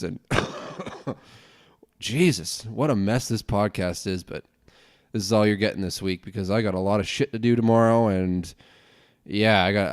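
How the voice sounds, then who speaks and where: A young man hosting a casual solo podcast, rambling and self-deprecating, grumbling with sudden high exclamations. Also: clear, resonant tone. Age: young adult. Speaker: podcast host.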